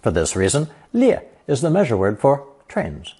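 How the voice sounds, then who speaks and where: A man narrating a scripted language lesson, explaining characters slowly and reading example sentences. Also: mid-range voice, huge pitch swings, mellow, husky. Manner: slow, measured explanations with example sentences read aloud. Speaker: language teacher.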